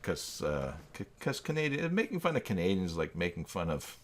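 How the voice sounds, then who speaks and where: A man's voice: sits low, sing-song, a little fast. A man hosting a live stream, chatting casually, thinking aloud and reacting to viewers' messages with self-deprecating asides. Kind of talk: casual live-stream chat while working.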